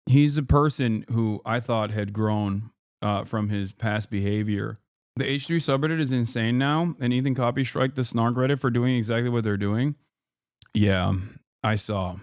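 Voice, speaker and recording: Smooth-voiced man streaming, blunt and rambling. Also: medium pitch, a little mellow, no echo, clean studio sound. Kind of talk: casual reaction commentary. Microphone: streaming microphone with noise gate.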